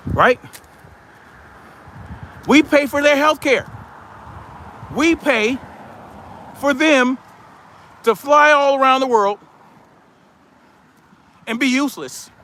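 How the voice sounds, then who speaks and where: A man's voice: extremely high pitch, very animated, slow, long pauses, fairly bright tone, slight background noise. A man hosting a livestream who rants in a heated, profane, mocking way. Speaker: livestream commentary host. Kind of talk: casual livestream rant.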